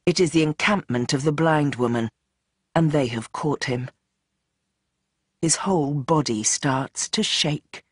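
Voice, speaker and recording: Audiobook narrator with a tense, dramatic read and shifting pace; mid-pitched, dry close sound. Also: a little slow, pauses often, breathy edge, no room sound. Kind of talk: scripted narration.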